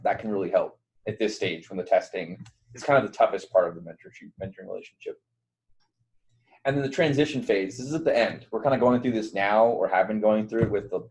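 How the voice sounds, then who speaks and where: Young man, low-pitched voice, relaxed conversational trainer, frequent fillers, computer mic. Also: poor audio. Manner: loose and conversational, many fillers and restarts. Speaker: mentor trainer. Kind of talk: casual online training talk. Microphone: computer mic on a virtual call.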